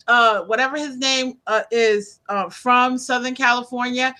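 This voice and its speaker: A woman with a New York accent hosts a casual interview over a video call from her book-lined room at home. Her voice is bright and forward, and she talks in a chatty, animated way, full of restarts and fillers. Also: on the high side, a little slow. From United States, Northeast.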